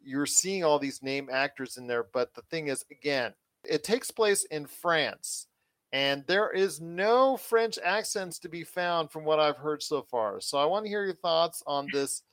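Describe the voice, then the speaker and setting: A man's voice: fairly high pitch, lively intonation, measured pace, fairly bright tone, dry recording. A man hosting a pop culture podcast, chatting casually and stressing his points with repetition. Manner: chatty, emphatic, repeats points. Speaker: podcast host.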